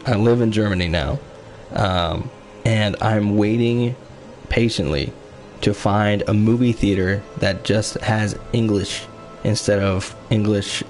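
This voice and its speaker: A man's voice: on the low side, vocal fry, a little mellow. A man streaming a game live, chatting casually and giggly, often breaking into laughter. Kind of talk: casual live-stream chat while gaming. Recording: faint game music underneath.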